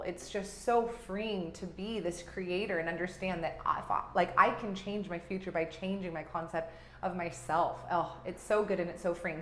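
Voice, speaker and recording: A woman life coach hosting her podcast, giving an energetic, gushing motivational talk that swings between loud and hushed. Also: mid-range voice, slight background noise. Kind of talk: motivational monologue. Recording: roomy echo.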